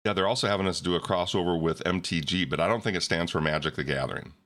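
A man's voice: low voice, fast talker, fairly bright tone. A man hosting a podcast in casual chat, rambling and joking as he tells stories. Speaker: podcast host.

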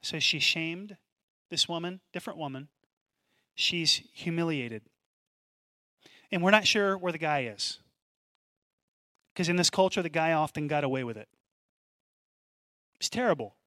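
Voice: medium pitch, unhurried, pauses often, sharp tone, dry recording, clean studio sound. A pastor preaching a sermon in an emphatic, conversational way, often turning to the congregation with questions.

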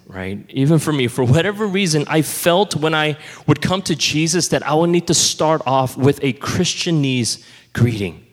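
A pastor delivers a sermon in a conversational, animated way, now and then falling to a hush. His voice sits fairly high for a man. The sound rings with the long reverb of a large hall. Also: normal speed. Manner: animated, conversational preaching with sudden drops to a hush.

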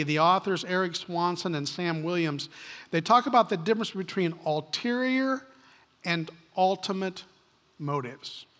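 Male pastor, high voice, conversational storytelling sermon, long hall reverb. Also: a bit bright. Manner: storytelling, conversational with frequent restarts. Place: church stage.

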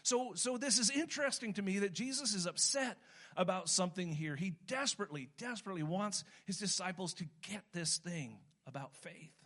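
Older american pastor man preaching, talks like a chat then gets all lively and emphatic. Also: high voice, brisk. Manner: conversational, rising to animated emphasis. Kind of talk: sermon.

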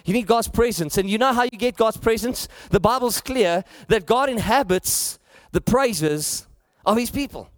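A South African pastor delivering a sermon in a notably high voice for a man, building his points with repetition and rising emphasis. The sound is dry and close, with almost no room echo. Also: animated, normal speed. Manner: preaching with rising emphasis and repeated phrases.

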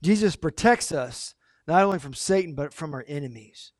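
A pastor delivers a sermon with lively, dramatic storytelling. His voice sits high for a man. The recording is dry and close, with no room echo. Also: moderate pace. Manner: animated and emphatic, dramatic storytelling.

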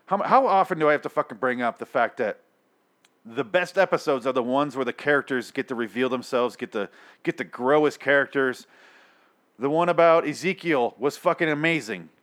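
A man's voice: mid-range voice, fairly bright tone. Exasperated, foul-mouthed man ranting. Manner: heavy swearing, exasperated and sarcastic. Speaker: show host reviewing a TV episode. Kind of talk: ranting episode review.

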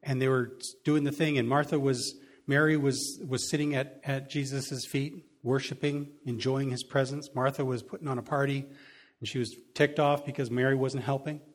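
Male preacher, sermon, scripture reading, conversational asides, medium pitch. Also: flat delivery, normal speed.

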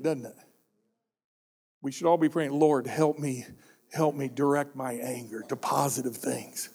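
A male pastor delivering a sermon, emphatic and direct, repeating his main points and asking the congregation rhetorical questions. His voice sits high for a man, and a long reverb trails each phrase through the church. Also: a little mellow. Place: church sanctuary.

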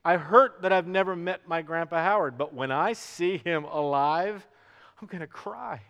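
A man's voice: fairly high pitch, dull audio. Preaching man in a reverberant hall. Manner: dramatic swings from hushed to loud with slow emphatic words. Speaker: pastor. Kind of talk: sermon.

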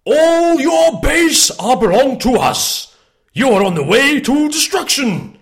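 A man putting on the voice of a booming, theatrical older man, narrating in a comic impression. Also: big pitch swings, full character voice. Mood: hammy. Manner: bellowing, halting, breaks into laughter.

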